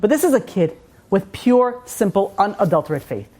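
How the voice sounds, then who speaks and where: A man, a rabbi, giving an informal Torah class as an animated storyteller who fills his talk with "you know". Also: high voice, moderate pace.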